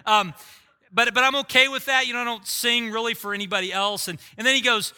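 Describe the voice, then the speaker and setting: A middle-aged man delivers a sermon from the pulpit in a high, piercingly bright voice. He tells his story with lively, self-deprecating humor before turning earnest. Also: brisk, clear, resonant tone. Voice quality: voice likened to a screaming rock singer. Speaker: pastor.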